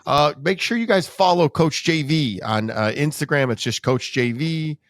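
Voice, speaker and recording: A man's voice: a little high, normal speed, fairly bright tone, no room sound, clean studio sound. A man hosting a podcast, asking rambling questions and plugging his guest's accounts. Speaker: podcast host. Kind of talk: interview.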